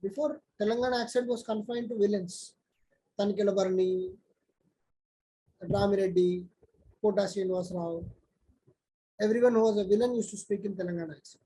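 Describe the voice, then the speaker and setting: A man's voice: sits high, dark tone, low-quality recording. Man teaching an online class, checking in. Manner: conversational, checks in with students by name.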